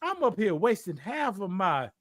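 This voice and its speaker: A man co-hosting a streamed talk show rants in a confrontational, taunting way, swearing freely and often erupting into shouts. His voice sits high with a sing-song lilt, at a moderate pace.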